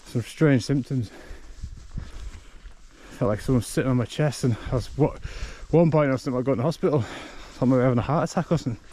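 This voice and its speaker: A man's voice: medium pitch, quick pace, mellow. A man walking and chatting casually as a hiking vlogger, a little short of breath, describing the route as he goes. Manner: chatty, self-deprecating, describes route as he walks. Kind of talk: casual vlog narration while walking. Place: outdoors on a rural hillside. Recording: noisy outdoor camera audio. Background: outdoor noise, wind and animals.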